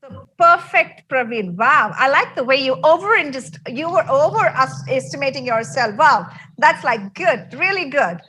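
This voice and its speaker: A woman's voice: high-pitched, expressive, a little slow, sharp tone. A woman teaching an interactive online English class in an upbeat, encouraging way. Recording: noisy online class audio.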